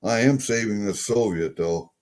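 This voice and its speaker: Speaking at normal speed in a lowish, darkish voice, the coin-collecting vlogger opens a package and talks casually through the coins inside. He's chatty, easily delighted, and keeps muttering to himself.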